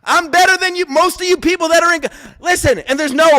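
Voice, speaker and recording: Heated, shouting man on a podcast. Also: extremely high pitch, fast talker, few pauses, long reverb tail. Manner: profane, heated, often shouting. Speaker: podcast guest. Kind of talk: ranting podcast chat.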